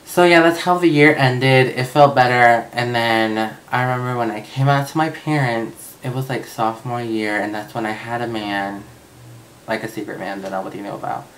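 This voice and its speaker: A man's voice: medium pitch, steady tone, moderate pace, fairly bright tone, a little hiss or hum, rough recording. A young man vlogging, telling a personal story in a casual, chatty way with lots of fillers and swearing.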